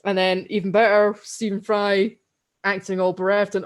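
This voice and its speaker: A woman's voice: medium pitch, little pitch movement, normal speed. Scottish girl on a podcast, rambles a lot, keeps giggling. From Scotland. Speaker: podcast co-host. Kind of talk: casual chat.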